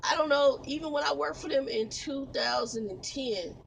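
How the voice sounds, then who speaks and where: Speaking at an extremely high pitch and a normal speed, this man has a creaky, slightly bright voice, captured in a rough recording with a little background noise. He's a truck driver filming himself from the cab with a camera pointed at him, telling a long, rambling, exasperated story in casual vlog style and laughing every so often.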